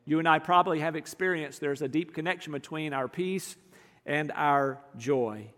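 A man preaching a sermon as pastor, earnest, moving between emphatic lines and hushed ones. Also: on the high side, moderate pace, long reverb tail.

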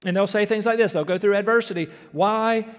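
High-voiced preacher in a reverberant hall. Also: male voice, very fast. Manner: earnest, emphatic preaching with rhetorical questions. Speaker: pastor. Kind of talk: sermon.

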